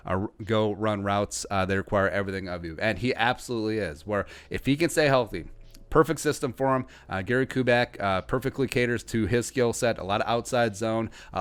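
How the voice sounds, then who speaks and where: A man hosting a sports podcast, chatting casually with lots of fillers and restarts, with a Midwestern American accent. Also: lowish voice. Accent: Upper Midwestern American. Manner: conversational, many fillers and restarts. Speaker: podcast host.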